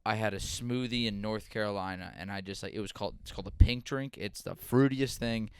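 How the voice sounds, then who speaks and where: A young man with a smooth, clear voice and a slightly low pitch, chatting loosely on a podcast. The sound is dry and close, with no room around him. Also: fairly quick, no room sound. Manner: laid-back, rambling storyteller. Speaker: podcast co-host. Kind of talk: casual chat.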